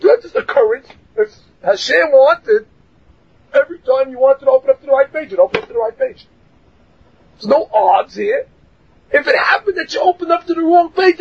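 A man teaching a Torah class, telling stories and acting out the quotes with animated laughter. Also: very high-pitched, muffled recording.

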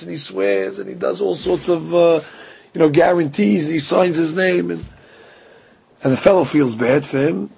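A man's voice: a little high, normal speed, vocal fry, darkish tone, slightly rough, rough recording. A man giving a religious lecture, telling stories with animation and acting out the dialogue. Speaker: Torah teacher.

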